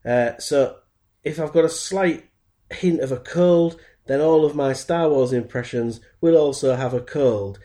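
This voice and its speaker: A man's voice: fairly high pitch, a little slow, dark tone. A man with a Humber English accent and a stuffy voice from hay fever, chatting in a rambling, self-mocking way. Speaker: podcast contributor. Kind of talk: casual chat. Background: music.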